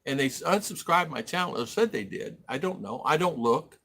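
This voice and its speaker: A man's voice: on the high side, lively intonation, brisk, sharp tone, breathy edge. A middle-aged man from the United States hosting a casual livestream, rambling and reading viewer comments aloud. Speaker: livestream host. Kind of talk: casual live-stream chat.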